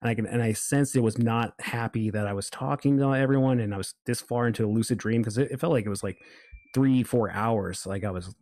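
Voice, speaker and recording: A man's voice: medium pitch, brisk, darkish tone, no room sound, studio quality. A man telling a long story in a casual, rambling way, full of fillers and restarts. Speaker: guest.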